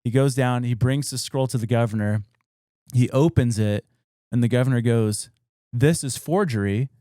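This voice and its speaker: A man's voice: medium pitch, steady tone, moderate pace, warm tone, clear, resonant tone, no room sound, clean studio sound. A young adult man, a podcast co-host, casually retelling a spooky old story with loose fillers and quoted dialogue.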